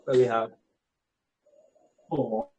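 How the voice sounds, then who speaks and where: Slow-paced male English tutor. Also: medium pitch, very animated, darkish tone, slight background noise, poor audio. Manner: slow, repeats words to teach stress, checks with "all right". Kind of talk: online phonics lesson.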